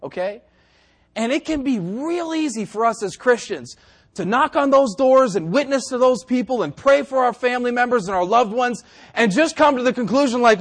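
A man preaching a sermon to a congregation. He swings from quiet asides and dry jokes to loud, emphatic exhortation. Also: very high voice, expressive, normal speed.

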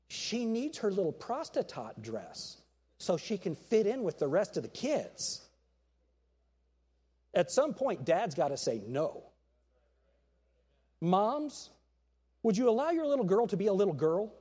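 A middle-aged man preaching a sermon to his church, animated, acting out quotes and jokes along the way. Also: high-pitched, breathy edge. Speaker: pastor.

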